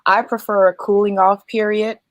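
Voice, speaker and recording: A woman hosting a podcast, giving measured, reflective advice in casual chat. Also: medium pitch, little pitch movement, dry recording. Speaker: podcast host.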